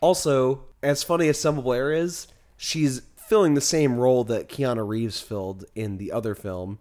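A man co-hosting a podcast, talking about films in a loose, conversational way. He is chatty and leans on filler words. His voice sits in a middle pitch. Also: moderate pace, a little mellow. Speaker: podcast co-host. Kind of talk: casual film discussion.

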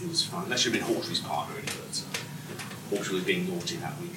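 A man's voice: sits low, expressive, a little fast. A man hosting an on-stage interview, talking eagerly about old films, with many fillers. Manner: enthusiastic fan, many fillers and restarts. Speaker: host. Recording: echoey hall, distant mic, audible noise.

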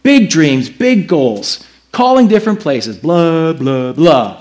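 Man preaching a lively sermon. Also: on the high side, slow pace. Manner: animated storytelling, plays out his own past replies. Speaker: pastor.

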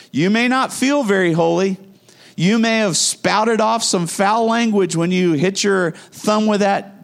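Earnest male preacher, emphatic pauses. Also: sits high, creaky. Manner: earnest preaching with dramatic slowdowns and emphatic repetition. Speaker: pastor. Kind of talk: sermon.

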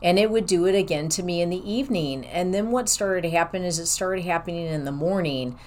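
Speaking a little quickly in a fairly low, slightly mellow voice, a woman shares casual, frank stories from her life and performs the dialogue of herself and others. Her job has her seeing clients in an office, and she wanders freely as she talks.

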